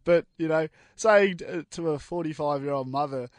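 A young man with an Australian accent, co-hosting community radio. His voice sits fairly high and sounds dry and close, and he tells rambling stories full of ums, often giggling. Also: normal speed, dry recording. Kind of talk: casual banter.

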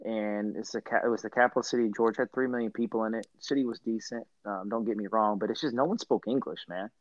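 A man's voice: fairly low pitch, fast talker, no room sound. Young Midwestern man with a twang, muffled. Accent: rural Midwestern US, slight country twang. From Central Illinois. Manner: animated storyteller, laughs often. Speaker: podcast guest, former basketball player. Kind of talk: casual chat. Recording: dull, muffled audio.

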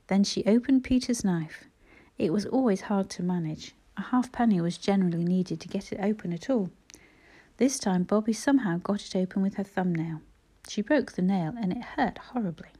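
Female storybook narrator, measured delivery, mellow tone, mid pitch. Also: slightly rough. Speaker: audiobook narrator. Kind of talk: storybook reading.

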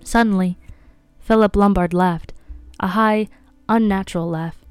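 A woman reading a mystery novel aloud in a measured, even way. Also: mid-range voice, clear, resonant tone, dry recording, faint music behind. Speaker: audiobook reader.

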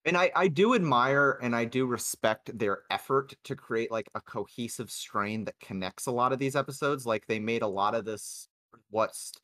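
A man co-hosting a casual chat, giving measured, hedging critique of a show. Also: medium pitch, bright, forceful tone, no echo. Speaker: podcast co-host.

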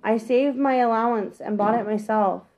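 An earnest young boy speaks plainly and sincerely, read by a woman from a storybook. His voice is fairly high and direct, the way a child talks to a close friend. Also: normal speed, darkish tone, close to an everyday voice. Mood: hurt. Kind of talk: storybook reading.

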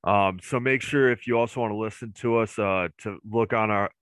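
A man from near the US-Canadian border chats loosely as a podcast host, full of ums and jokes. His voice is bright and somewhat low. The sound is dry and close to the mic. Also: fairly quick, clean tone, dry recording. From northern US near Canadian border. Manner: rambling, filler-heavy, jokey. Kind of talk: casual podcast chat.

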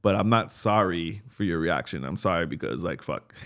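A man on a podcast chatting casually, thinking out loud with many fillers and restarts. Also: deep voice, lively intonation. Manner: fast, loose, reflective talk with many fillers. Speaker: podcast co-host. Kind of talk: casual chat.

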